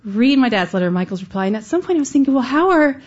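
A woman from Texas tells a personal story to listeners, earnest and conversational, with her voice sitting at an everyday middle pitch. The recording is a little dull and lo-fi. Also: expressive, rapid-fire, mellow. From Austin, Texas, USA. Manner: earnest, conversational, with bursts of laughter.

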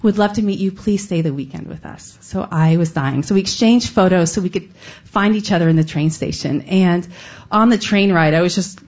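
A woman's voice: fairly low pitch, normal speed, a little mellow. A middle-aged woman from the United States telling a heartfelt personal story on stage, earnest with light laughs. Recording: dull lo-fi sound.

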